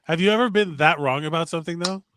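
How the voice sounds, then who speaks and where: A man's voice: a little high, quick pace, fairly bright tone, slight background noise. A man co-hosting a podcast in casual chat, rambling with restarts and sarcastic asides. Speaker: podcast co-host.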